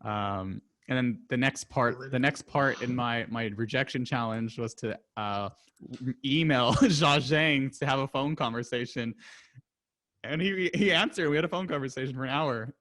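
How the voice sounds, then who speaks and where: A man hosts a podcast, chatting casually and easily with his guest. His voice sits at a middling pitch, and his manner stays relaxed. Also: moderate pace. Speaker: podcast host. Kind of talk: casual interview chat.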